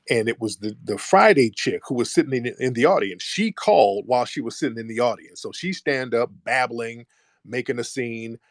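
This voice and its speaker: A man tells a heated story in a relaxed, slangy voice with speech. His pitch sits in the middle range. The sound is dry and close, with no room echo. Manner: animated retelling with voiced quotes, rising when heated. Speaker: commentator. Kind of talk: casual storytelling monologue.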